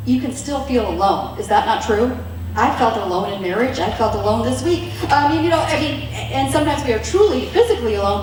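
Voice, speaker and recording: A middle-aged woman giving an earnest devotional talk to women, slowing into soft, deliberate phrases when she voices God's words. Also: fairly high pitch, recorded from a distance. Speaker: women's ministry speaker. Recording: echoey room, voice from afar, faint hiss.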